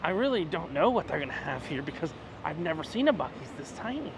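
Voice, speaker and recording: A man chatting excitedly in a casual travel vlog, rambling with fillers as he explores roadside stops. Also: fairly high pitch, quick pace, noisy background. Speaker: travel vlogger. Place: roadside stores and outdoors.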